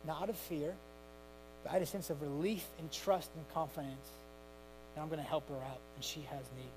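A man's voice: on the high side, fairly even intonation, fairly quick, low-quality recording. Impassioned male preacher, faint hum. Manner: impassioned preaching, swings from hushed to loud cries. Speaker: pastor. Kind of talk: sermon.

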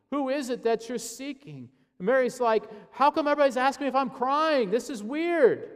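A man preaching a sermon in an animated way, cracking jokes and dropping to hushed, dramatic lines. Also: on the high side, in a large hall. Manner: animated, joking asides, dramatic hushed drops. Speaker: pastor.

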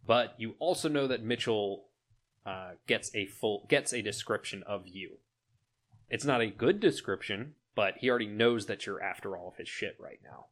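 A man with a lowish voice narrates as the game master of a tabletop role-playing game. He's relaxed but halting, using fillers and restarting his sentences.

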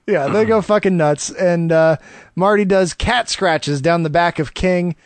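A man co-hosting a podcast, chatting casually through a wrestling match recap, animated and laughing often as he acts out the wrestlers' shouts. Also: high-pitched, unhurried, no room sound. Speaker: podcast co-host.

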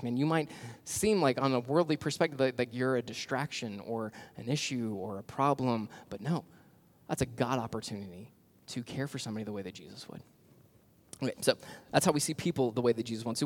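A pastor preaching a sermon in a casual, conversational way, with slang and fillers. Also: male voice, medium pitch, moderate pace.

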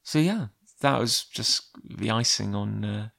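A man's voice: lowish voice, measured pace, creaky, fairly bright tone. A man telling a personal anecdote in a chatty, rambling way with lots of fillers. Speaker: comic creator. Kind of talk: casual personal storytelling.

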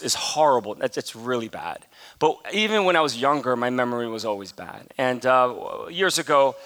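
A man's voice: on the high side, bright, forceful tone. A middle-aged man preaching a sermon as pastor, mixing a humorous personal story with emphatic teaching. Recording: long hall reverb.

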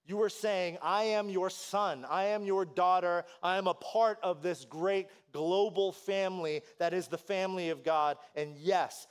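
A man preaching a sermon as pastor, telling a story with lively, animated delivery and acting out voices. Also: high voice, smooth.

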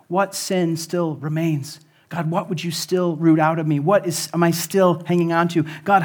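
Man, pastor delivering a church sermon; earnest, emphatic, somewhat high-pitched, relaxed fillers. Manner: earnest preaching with rising emphasis and frequent fillers. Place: church service, also streamed online.

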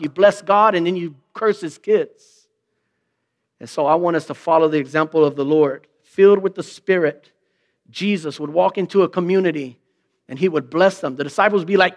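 A man preaching a sermon in a conversational way, asking rhetorical questions and acting out quoted remarks in mock voices. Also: sits high. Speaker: pastor.

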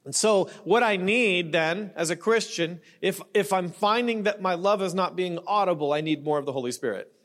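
Male pastor, high voice, chatty joking sermon, keeps asking right?, middle-aged. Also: moderate pace, a bit bright. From not Australian. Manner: conversational, joking, frequent "right?" and "you know".

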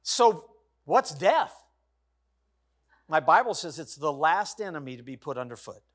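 Male pastor, middle-aged, high voice, emphatic sermon cadence, jumps from shouts to near-hush. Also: sing-song, unhurried. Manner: swings between loud exclamations and hushed soft passages; emphatic, repetitive preaching cadence.

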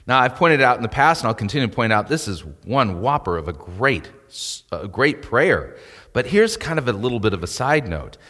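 A man's voice: medium pitch, very animated, normal speed, sharp tone. Man preaching in a reverberant church. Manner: conversational preaching, rising to emphatic peaks. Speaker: pastor. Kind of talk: sermon.

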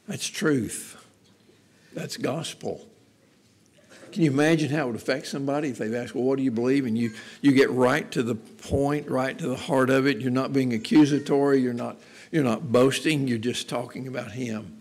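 A man's voice: mid-range voice, moderate pace, a little mellow, breathy edge. A man preaching a sermon in an earnest, conversational way, repeating phrases for emphasis. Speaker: pastor.

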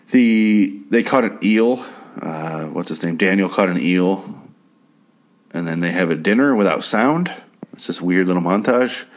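A man recapping and reviewing a TV episode in a casual, profane, sarcastic and rambling way. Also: sits low.

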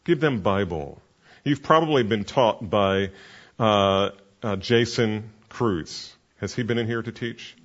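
A man's voice: lowish voice, takes it slowly, a bit bright, muffled recording. A man who is a pastor and counseling mentor, teaching a class in an earnest, conversational way with many fillers.

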